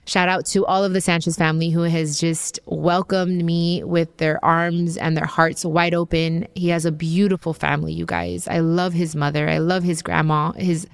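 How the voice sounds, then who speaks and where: A woman's voice: fairly low pitch, flat delivery, normal speed, creaky, hardly any pauses, clean tone, no room sound, clean studio sound. Candid, rambling woman podcaster. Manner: candid, rambling, emotional, many fillers and restarts. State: tearful. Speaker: podcast host. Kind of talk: personal podcast monologue.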